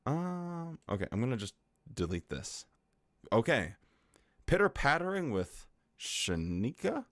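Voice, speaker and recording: A man chats casually on his livestream, reading out viewer greetings with a playful, lively voice. The sound is close and dry, with no room echo. His pitch swings up and down as he talks. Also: unhurried. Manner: playful and chatty, greets chat viewers one by one. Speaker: livestream host. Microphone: desktop microphone.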